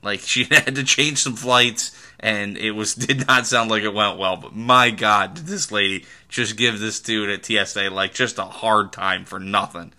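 Bright-voiced man rambling casually. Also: on the low side, normal speed, hardly any pauses. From Midwest United States. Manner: rambling storyteller with frequent fillers and restarts. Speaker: podcast host. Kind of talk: casual solo podcast talk.

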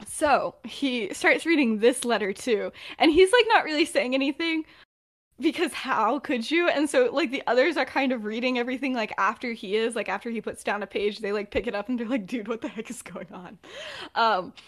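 Young female podcast co-host, casual rambling storyteller, acts out lines, slightly high voice. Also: fairly quick. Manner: rambling, many fillers, acts out quotes. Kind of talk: casual chat retelling a story.

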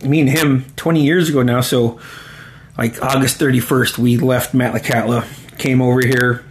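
A man's voice: medium pitch, fairly even intonation, moderate pace, slight background noise. Profane, chuckling middle-aged man telling stories. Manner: profane, rambling, chuckling between lines. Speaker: storyteller. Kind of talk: casual spoken storytelling.

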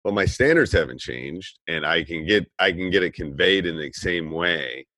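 A middle-aged podcast host with a very low, deep voice eagerly prompts his guest and repeats points to stress them. His sound is close and dry, with no room echo around it. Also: animated, normal speed, bright, forceful tone. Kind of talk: casual podcast interview.

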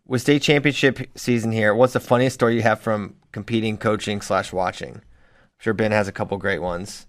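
A man's voice: on the low side, moderate pace. Chatty man telling coaching stories. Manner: animated storyteller, laughs often. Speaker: high school wrestling coach. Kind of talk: casual podcast chat.

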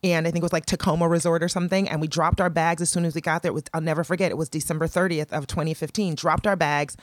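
Low-voiced woman telling a lively story. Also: very fast, dry recording, clean studio sound. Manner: animated storyteller, acts out quotes in a higher voice. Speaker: entrepreneur guest. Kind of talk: casual storytelling chat.

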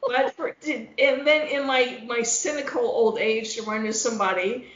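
A woman chatting casually, slipping into exaggerated voices to act out her stories and swearing freely as she goes. Her voice sits a little high. The recording is roomy and echoey, with a dull, lo-fi tone. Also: moderate pace. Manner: animated storyteller, acts out voices, curses freely. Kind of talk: casual chat. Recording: roomy echo, dull lo-fi sound.

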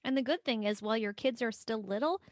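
A woman's voice: on the high side, quick pace, no echo, clean studio sound. A woman hosting a podcast, chatting casually and asking her guest friendly, open questions. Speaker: podcast host. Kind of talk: casual interview chat.

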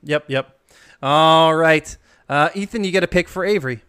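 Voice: mid-range voice, moderate pace, clean tone. A quiz game host reading questions and joking with contestants in an upbeat way. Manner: playful, jokey, animated.

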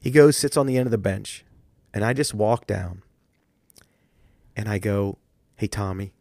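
A man's voice: fairly low pitch, a little slow, gravelly, a little mellow, dry recording, clean studio sound. A man co-hosting a podcast, telling coaching stories in casual chat with thoughtful restarts. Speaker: podcast co-host.

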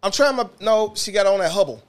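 A man's voice: high voice, fast talker. A man, a bus driver telling profane stories on a casual podcast and acting out the quotes. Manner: animated, profane, acts out quotes.

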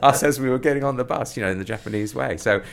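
A man's voice: rapid-fire, gravelly. A man telling a comic story as an interview guest, acting out the voices of the people in it. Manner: animated storyteller, acting out voices with rising pitch. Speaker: comedy performer and guest. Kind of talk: anecdotal storytelling.

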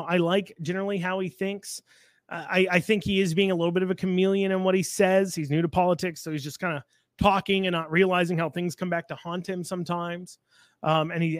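A man's voice: high-pitched, no echo, clean studio sound. A man giving blunt, sarcastic political commentary, with frequent fillers and restarts.

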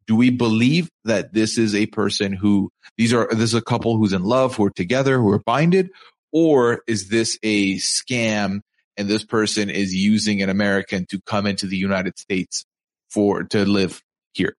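A man's voice: fairly low pitch, steady tone, normal speed. A man co-hosting a podcast, recapping events in casual chat and quoting people as he goes. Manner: storytelling, quoting people in conversational asides. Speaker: podcast co-host.

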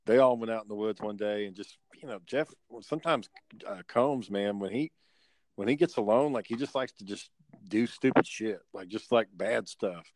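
A man's voice: fairly low pitch, moderate pace, darkish tone. A man telling a story in casual chat, laid-back and rambling, swearing and using lots of fillers.

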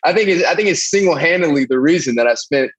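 A middle-aged man from the American South with a Southern accent, telling a long personal story as an interview guest in a rambling, animated way. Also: on the high side, fast, slightly rough, rough recording. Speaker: guest, Navy veteran. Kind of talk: casual storytelling.

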